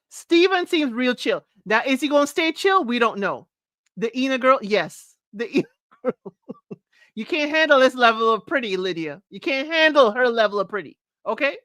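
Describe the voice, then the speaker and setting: Woman host, reality recap chat: sassy, animated, higher pitch, dry close mic. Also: no room sound. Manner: sassy, animated, laughs often, mimics cast members. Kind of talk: live recap chat to viewers.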